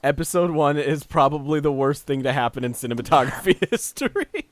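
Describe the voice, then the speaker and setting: Animated male gaming streamer, dry mic. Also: a little high, fairly quick, no room sound. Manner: animated, argumentative, laughs easily. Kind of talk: casual gaming chat.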